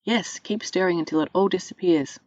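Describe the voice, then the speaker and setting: Kind patient mother, read by a woman, gentle instructions, dry dull recording. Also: fairly low pitch, fairly quick, no echo, lightly acted.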